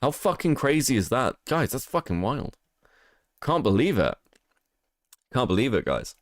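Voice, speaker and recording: A man's voice: medium pitch, very animated, measured pace, dry recording, clean studio sound. A man co-hosting a livestream, mocking and profane, laughing often as he reads out donations. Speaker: podcast co-host. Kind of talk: livestream commentary.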